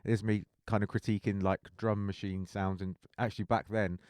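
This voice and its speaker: A man's voice: fairly low pitch, level tone, normal speed, a little mellow, no echo, clean studio sound. A man co-hosting a music podcast in casual chat, teasing and laughing often. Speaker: podcast co-host.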